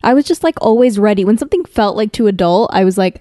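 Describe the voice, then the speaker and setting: A woman with a warm, mellow voice chats easily as a podcast co-host. Her delivery is relaxed and conversational, recorded dry and close. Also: medium pitch, fast, no room sound. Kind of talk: casual chat.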